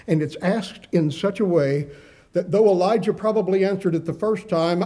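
An earnest male preacher with a fairly high, mellow voice. He puts rhetorical questions to his congregation. He eases into a soft hush on tender words and lifts his voice to press a point. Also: normal speed. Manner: drops softly for gentle phrases, rises for emphasis. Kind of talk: sermon.

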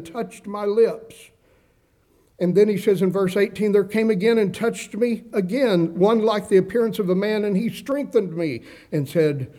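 A male pastor delivers a sermon in a mellow, warm voice that sits a little high for a man. He reads scripture aloud and acts out the quoted speakers, and his pitch rises as he drives a point home. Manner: preaching with scripture readings, rising emphasis and dramatic quoted voices.

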